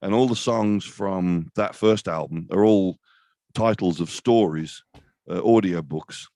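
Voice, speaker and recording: A man's voice: deep voice, a little slow, dark tone, dry recording. A man in his fifties, a death metal vocalist chatting as an interview guest, rambling and self-deprecating with many restarts. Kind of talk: casual interview chat.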